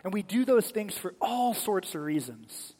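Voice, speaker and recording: A male pastor giving a sermon as animated, dramatic storytelling in a church sanctuary. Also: high-pitched, normal speed, slightly rough, big-room sound.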